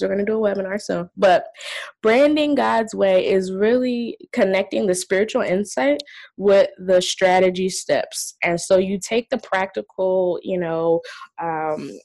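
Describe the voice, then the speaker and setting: A woman's voice: medium pitch, vocal fry. A woman speaking as a faith-based branding coach in a casual interview, telling stories and acting out little voiced asides. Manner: animated storytelling with voiced asides.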